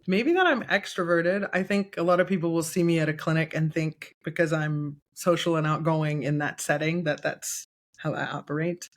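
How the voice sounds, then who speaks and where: A woman's voice: deep voice, moderate pace. A woman guest in a casual podcast interview, a candid, chatty storyteller who often laughs. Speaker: guest choral conductor and educator.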